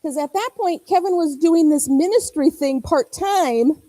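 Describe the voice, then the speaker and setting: A woman in her forties delivers a church sermon in a high, mellow voice, drily recorded. She tells personal stories with animation, acting out the voices of the people she quotes. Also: unhurried, dry recording, low-quality recording. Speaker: preacher.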